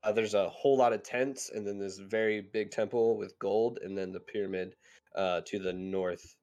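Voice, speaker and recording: Low-voiced man running a tabletop game. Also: steady tone, moderate pace, darkish tone, faint music behind. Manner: loose, hesitant, heavy with filler words. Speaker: game master.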